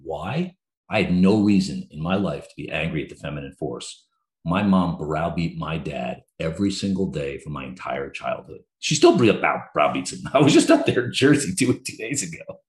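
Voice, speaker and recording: A middle-aged man, a therapist, speaking earnestly and openly about his own life in a conversation. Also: sits low. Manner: earnest, emotionally open, reflective. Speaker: therapist, guest. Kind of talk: candid conversational storytelling. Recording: roomy echo.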